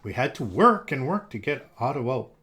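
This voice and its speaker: Male storyteller, children's book, gentle and expressive, animated pitch. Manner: gentle, expressive, slowed for effect.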